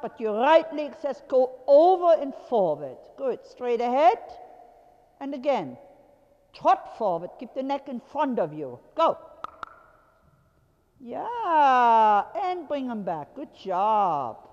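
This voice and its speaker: A riding instructor, a woman with a high, sing-song, slightly mellow voice, speaks slowly as she calls short, commanding, repeated cues to a rider from the arena floor, laughing now and then. The sound is lo-fi with long hall reverb.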